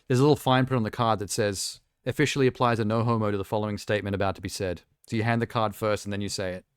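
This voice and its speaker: A young man hosts a live stream in an easy, rambling chat, full of self-amused asides. His voice sits on the low side and sounds smooth and clear. The sound is close and dry, with almost no room echo. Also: fairly even intonation, very fast. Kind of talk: casual chat while reacting to trailers.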